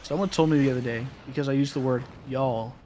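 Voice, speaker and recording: A man co-commentating a broadcast in casual chat, playful and halting with frequent fillers. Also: medium pitch, mellow, slight background noise.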